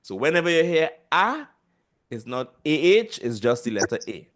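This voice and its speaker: A man's voice: a little high, very animated, normal speed, a bit bright. A man with a Trinidadian accent teaching a language class over a video call, patiently repeating sounds for students to echo. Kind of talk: online class instruction.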